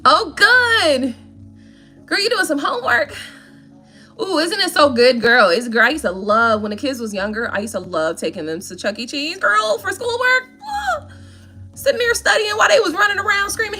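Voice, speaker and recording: Sassy, lively woman tarot reader. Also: a little high, normal speed, faint music behind. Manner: sassy, playful, full of slang. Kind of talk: casual tarot reading.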